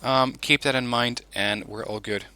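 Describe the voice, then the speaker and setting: A man hosting a gaming channel, giving relaxed, chatty commentary on a game replay with frequent ums. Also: medium pitch, moderate pace, no room sound.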